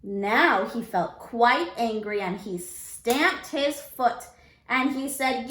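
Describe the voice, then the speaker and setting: A female teacher reading a picture book aloud to children, expressive and unhurried, pausing to ask them questions. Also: a little high, reverberant. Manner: expressive, slow storytelling, asks the children questions.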